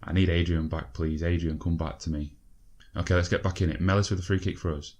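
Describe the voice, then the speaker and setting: A young man with a very deep voice calls out his football management game as it plays. He gets excited, swears and talks straight to his players. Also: fast. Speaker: gaming video creator. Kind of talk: game commentary.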